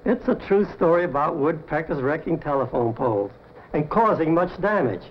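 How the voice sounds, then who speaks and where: A man hosting a show, giving a measured, scripted explanation. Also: on the high side, expressive, a little hiss or hum. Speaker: show host. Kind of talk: scripted presentation. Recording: dull lo-fi 1950s TV audio.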